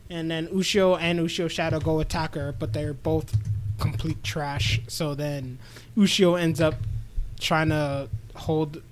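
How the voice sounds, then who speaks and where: A man with a slightly high voice chats loosely on a podcast, laughing often and rambling through anime recaps in slang. A faint hiss sits under his voice. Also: fairly even intonation, a little slow. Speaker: podcast co-host. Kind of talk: casual podcast chat.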